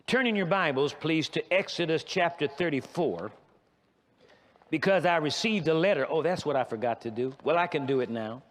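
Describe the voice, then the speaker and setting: Man, pastor, sermon teaching, emphatic conversational delivery, slightly high pitch, long church-hall reverb. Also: lively intonation, moderate pace, slight background noise. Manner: emphatic, conversational preaching with repeats for stress. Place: church sanctuary.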